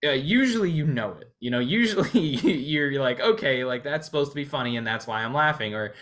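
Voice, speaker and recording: A man co-hosting a podcast, talking through a film in a casual way, pausing often with fillers and restarts. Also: medium pitch, animated, a bit bright. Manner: hesitant, many restarts and fillers. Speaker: podcast co-host.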